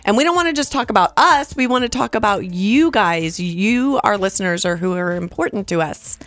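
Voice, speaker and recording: A woman's voice: mid-range voice, animated, brisk, fairly bright tone, no room sound. A woman co-hosting a podcast in a home studio, playful and giggly, joking about herself. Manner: giggly, playful, self-deprecating. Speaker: podcast co-host. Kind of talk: casual podcast chat.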